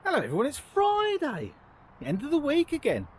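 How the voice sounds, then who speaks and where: A man's voice: very high-pitched, wildly swooping pitch, fairly quick, slight background noise. A middle-aged man bantering cheekily in a casual vlog. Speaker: vlogger. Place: outdoors by a narrowboat.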